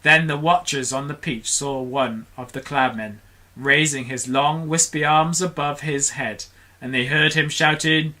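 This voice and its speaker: A storyteller reading a children's book aloud on a livestream, expressive and doing the characters' voices. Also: medium pitch, measured pace. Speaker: storybook reader for a charity stream.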